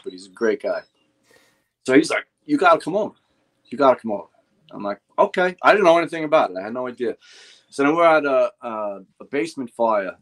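An older man with a New York accent telling animated, profane stories of his firefighting days, acting out what others said. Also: medium pitch. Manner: profane, animated anecdotes with acted-out quotes. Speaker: guest, retired fire lieutenant. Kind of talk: casual storytelling chat.

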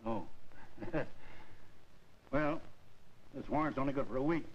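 Actor for a plain-spoken small-town sheriff, folksy drawl, vintage dull soundtrack. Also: male voice, medium pitch, unhurried, slight background noise, lightly acted. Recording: dull 1940s film soundtrack.

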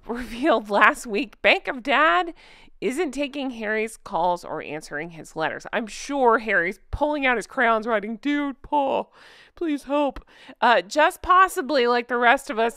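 Animated, scornful woman vlogger. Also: a little high, no echo, clean studio sound. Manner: sarcastic, scornful, laughs often. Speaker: royal commentary channel host. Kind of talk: opinionated commentary vlog.

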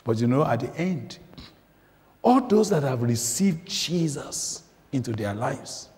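Slow, lively man preaching in a reverberant church. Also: mid-range voice. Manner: emphatic, repeats phrases, asks the listeners questions. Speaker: guest preacher. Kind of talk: sermon. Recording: church recording with long reverb.

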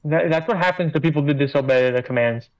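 A young man in casual gaming chat, talking in a slow, mock-serious deadpan. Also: a little high, rough recording. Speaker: tour guide friend.

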